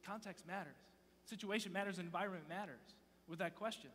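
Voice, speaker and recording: A man in his thirties giving a joking, animated youth sermon from a church stage, telling stories and interrupting himself. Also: sits high, a little fast, slight background noise. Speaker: youth pastor. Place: large church auditorium stage. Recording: long hall reverb.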